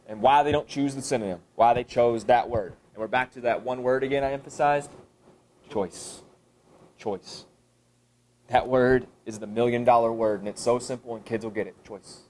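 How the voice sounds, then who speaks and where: Lively, animated man leading a workshop. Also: slight background noise. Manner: animated, jumps high in pitch for emphasis; thinks aloud, asks and answers his own questions. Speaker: teacher trainer. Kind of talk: professional development workshop talk. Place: high school room with an audience. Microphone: camera recording a live session.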